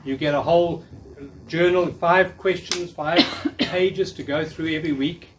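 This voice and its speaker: A man's voice: a little high, a little slow. A man in his fifties giving a live talk, coaching and encouraging the audience in a room. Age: 50s. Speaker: workshop speaker. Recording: distant mic, faint noise.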